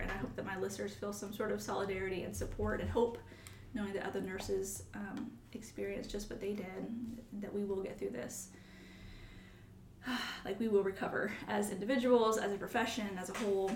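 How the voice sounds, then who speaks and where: A woman's voice: mid-range voice, little pitch movement, brisk, creaky, darkish tone, a little hiss or hum. A woman who hosts a podcast and works as a nurse, talking earnestly and with feeling. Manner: earnest, emotional, acts out quoted coworkers. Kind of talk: heartfelt podcast conversation. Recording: roomy sound from a distance with faint ambience.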